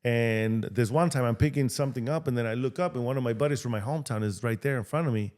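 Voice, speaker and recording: A man from Mexico, a real estate agent guesting on a podcast, telling his life story in a lively way and acting out the voices of people he quotes. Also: medium pitch, fast. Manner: animated, acts out quoted dialogue. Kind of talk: storytelling interview talk.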